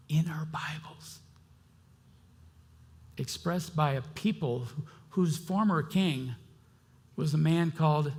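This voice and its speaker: A middle-aged pastor preaches a sermon in a conversational, impassioned style, swinging between loud outbursts and quiet asides. His voice sits on the high side.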